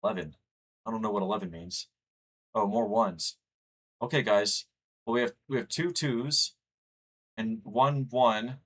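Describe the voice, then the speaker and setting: A man's voice: lowish voice, unhurried, pauses often, a bit bright. A young man from the United States chatting casually with his livestream chat, rambling and reading messages aloud. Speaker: streamer.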